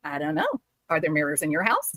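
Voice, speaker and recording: A woman's voice: low-pitched, wildly swooping pitch, fast, fairly bright tone, slightly rough, rough recording. A woman hosting a live stream, giving angry, sarcastic commentary. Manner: sarcastic, mocking. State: furious.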